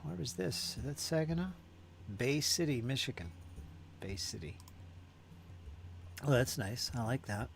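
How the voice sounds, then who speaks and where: A man's voice: mid-range voice, lively intonation, measured pace, vocal fry, pauses often, slight background noise. A man hosting a miniature painting stream, chatting casually and musing aloud as he reads viewer comments and repeats words to himself. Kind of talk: casual chat while painting and reading viewer chat.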